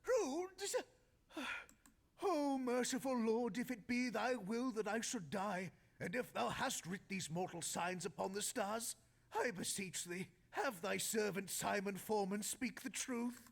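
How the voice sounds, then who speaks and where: A pious patient, gravelly and high-set, pleading. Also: male voice, a little slow, heavily acted. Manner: devout, pleading, archaic speech. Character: pious, fearful older male patient.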